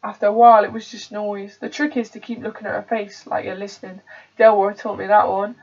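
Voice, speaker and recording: A young woman from England, a theatre student, performing a solo dramatic monologue in a conversational storytelling way with sudden loud outbursts. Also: medium pitch, little pitch movement, a little fast. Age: young adult. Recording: dull, distant home recording.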